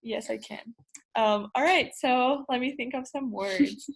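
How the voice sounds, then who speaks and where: A woman's voice: high voice, unhurried, creaky, slightly rough. A young woman from Brazil answering questions in a casual Q&A, upbeat and enthusiastic. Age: young adult. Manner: upbeat, enthusiastic, laughs easily. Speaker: student cultural navigator.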